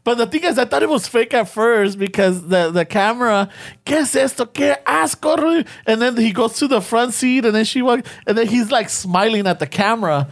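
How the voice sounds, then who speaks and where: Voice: mid-range voice, brisk, few pauses. Co-host, mid-range voice, jokey bilingual chatter. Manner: jokey, mixes Spanish and English. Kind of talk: casual chat.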